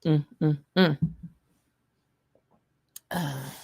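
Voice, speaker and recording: Woman, low voice, chatty livestream host, rambling, laughs often. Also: steady tone, drawn-out words, gravelly, darkish tone, breathy edge. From Louisiana, USA. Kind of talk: casual live tasting chat.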